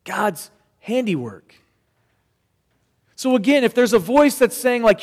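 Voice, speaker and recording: High-voiced man preaching in a hall. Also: expressive, slow pace. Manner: earnest, conversational preaching with casual asides. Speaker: pastor. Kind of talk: sermon.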